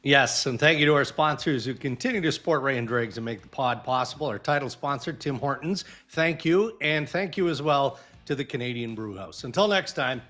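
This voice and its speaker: A man co-hosting a sports podcast, telling stories in a lively, emphatic way. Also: mid-range voice, brisk, hardly any pauses. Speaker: podcast co-host. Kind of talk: casual sports podcast chat.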